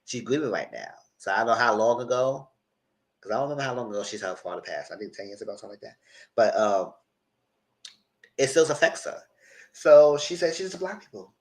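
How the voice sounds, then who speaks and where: Here a man riffs on a reality show as it plays, excitable, repetitive, and quick to curse. He speaks at a brisk clip in a mid-range voice.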